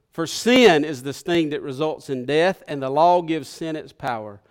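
A man's voice: fairly high pitch, lively intonation, normal speed, few pauses, clean tone. Impassioned preacher man. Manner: impassioned preaching, swelling loud then dropping to a hush. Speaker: pastor. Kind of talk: sermon.

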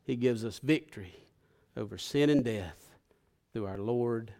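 A male pastor preaching a sermon, swelling to loud bursts and then dropping to a hush. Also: medium pitch, a little slow.

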